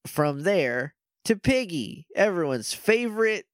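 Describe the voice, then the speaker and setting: A man's voice: high-pitched, slow pace, no room sound. Dry-miked man casually recapping a show. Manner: animated retelling, acting out characters' lines. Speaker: podcast co-host. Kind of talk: casual chat recapping a TV episode.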